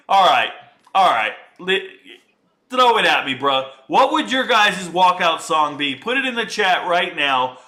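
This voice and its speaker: This is a man hosting a live reaction stream who jokes around and talks straight to his viewers. His voice sits a little on the high side, with a bright, forward edge. He keeps things loose and chatty throughout. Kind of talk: casual live reaction chat.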